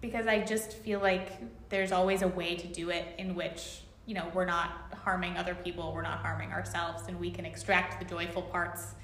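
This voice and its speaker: A woman's voice: lowish voice, level tone, moderate pace, hardly any pauses, a bit bright. Reflective woman guest in an echoey room. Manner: reflective, many "like" fillers. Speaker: interview guest, business owner. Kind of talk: casual interview chat.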